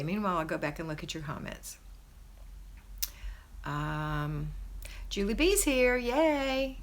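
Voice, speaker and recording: A middle-aged woman hosting a homemaking live stream from a house, reading viewer comments and cheering them on. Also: medium pitch. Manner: warm, encouraging, cheerleading. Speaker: host of a homemaking livestream. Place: her parents' house, indoors.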